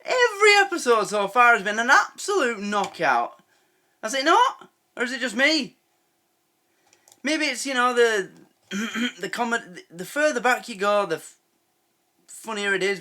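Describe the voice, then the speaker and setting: Man, reaction video host, bright tone, rambling and laughing. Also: high-pitched. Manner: chatty, laughs often, trails off and restarts. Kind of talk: casual reaction commentary.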